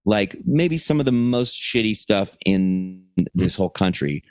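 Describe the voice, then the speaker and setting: A man's voice: fairly low pitch, unhurried, no room sound, faint music behind. Profane rambling male podcast storyteller. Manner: rambling, profane, animated retelling with voiced quotes. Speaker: podcast co-host. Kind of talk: casual storytelling chat.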